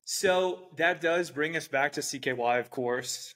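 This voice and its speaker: A man's voice: a little high, a little slow, fairly bright tone. A man hosting a podcast, asking polite, structured interview questions. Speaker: podcast host.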